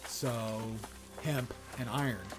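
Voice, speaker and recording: A man's voice: mid-range voice, slow pace. An older man chatting wryly to his viewers while he plays a game. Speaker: game streamer. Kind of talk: casual gameplay commentary. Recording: loud game music behind. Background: game music.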